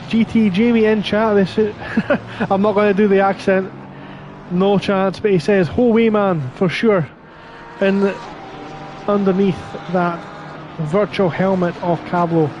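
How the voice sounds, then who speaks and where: High-voiced man calling a sim race. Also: darkish tone, dull audio, a little hiss or hum. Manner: chatty, reads stream chat aloud between race calls. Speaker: sim racing commentator. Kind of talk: live race commentary.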